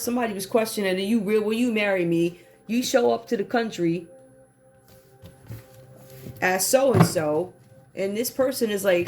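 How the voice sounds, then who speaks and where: A woman giving a casual tarot reading, talking in lively slang and acting out what the cards seem to say. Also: medium pitch. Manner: animated, slangy, acts out quoted voices. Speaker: tarot reader.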